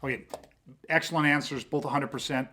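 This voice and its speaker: A man hosting a podcast, talking with intensity, swearing freely and acting out quick street confrontations to make his point. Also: mid-range voice, steady tone, pushed and bright. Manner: emphatic, swearing, acts out street exchanges. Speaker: host.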